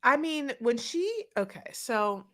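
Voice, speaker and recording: Woman podcast host recapping tv, rambly and wry, lots of "like" and "you know", bright voice. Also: fairly high pitch, sing-song, slow pace. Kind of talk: casual recap chat.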